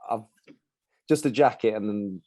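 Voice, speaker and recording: A man's voice: fairly low pitch, moderate pace, dark tone. A man hosting a podcast, chatting in an upbeat, matey way, with a mixed Midlands and Yorkshire accent from growing up in Lincolnshire. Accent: mixed English Midlands and Yorkshire. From Lincolnshire, England. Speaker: podcast host. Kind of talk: casual chat.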